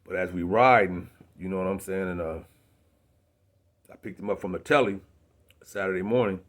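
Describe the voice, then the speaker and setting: A man's voice: low voice, normal speed, fairly bright tone. A young man, a rapper, telling a casual story in street slang, often asking "you know what I'm saying". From South Bend, Indiana.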